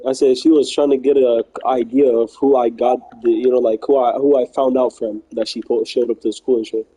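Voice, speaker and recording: A man's voice: medium pitch, little pitch movement, brisk, dark tone, slight background noise, low-quality recording. A man streaming live who tells a long personal story in a rambling, slangy way, quoting what others said and repeating himself.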